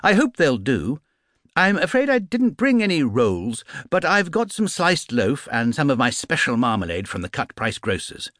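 A man voicing a polite, earnest young bear in a storybook reading, raised well above his own voice and spoken slowly and carefully. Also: medium pitch, wildly swooping pitch, fairly bright tone, no room sound, clean studio sound, pitched above the performer's own voice.

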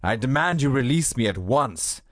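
A man's voice: medium pitch, expressive, normal speed, no echo, studio quality, voice pushed up, close to an everyday voice. A man voicing a proud older prisoner who defiantly demands his release. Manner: defiant, commanding.

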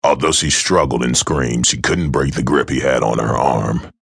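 A man narrating a dark audiobook thriller in a measured, grave manner. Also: extremely low pitch, gravelly, slightly rough, no room sound, clean studio sound. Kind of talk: scripted narration.

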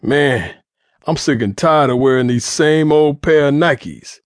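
A man's voice: fairly high pitch, lively intonation, measured pace, no room sound, clean studio sound, pitched above the performer's own voice. A man voicing a teenage street boy who grumbles and complains. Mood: complaining.

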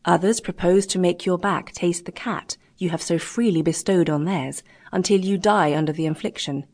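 A woman reading an audiobook, voicing a defiant male mutineer leader who speaks roughly and accusingly. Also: lowish voice, moderate pace, darkish tone. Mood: bitter accusing.

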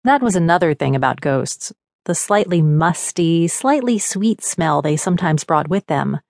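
A woman narrating an audiobook in a measured, wry manner from a studio. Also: low-pitched, lively intonation, gravelly, darkish tone, dry recording. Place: recording studio.

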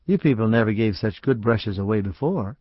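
A man voicing a kindly, hospitable older mother with a gentle, mildly amused way of speaking. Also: fairly low pitch, animated, a little fast, no echo. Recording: dry, slightly dull audiobook recording.

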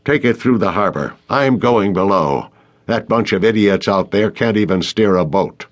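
A man doing a gruff, barking boat captain. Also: lowish voice, animated, normal speed. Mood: angry. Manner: barking, bossy. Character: gruff, irritable middle-aged boat captain.

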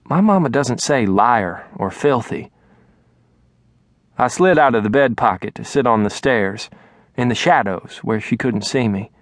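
A man narrating an audiobook in a soft, even storytelling voice. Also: medium pitch, unhurried, dry recording, studio quality. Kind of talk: scripted narration. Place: recording studio.

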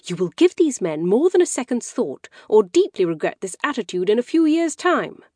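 A woman's voice: a little high, big pitch swings, moderate pace, warm tone, dry recording, pitched above the performer's own voice. A woman narrator voicing a stern, proper Victorian mother who speaks in a clipped, reproving way.

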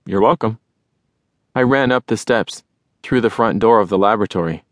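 A man narrates a children's audiobook in a lively first-person storytelling manner. His voice sits somewhat low. The recording is close and dry, with no room sound. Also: a little fast, no room sound.

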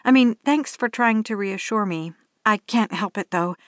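A woman's voice: medium pitch, measured pace, no echo, lightly acted. A woman voicing a nervous young female driver who stammers and rambles apologetically. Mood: flustered.

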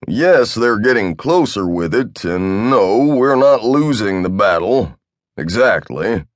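A brusque, blunt general barks out his news in short clipped bursts, pitched a little higher than the teller's own low voice, as a man acts him out. The audiobook was recorded dry and close, with no room sound at all. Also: lively intonation, slow pace, no room sound. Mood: urgent, gruff.

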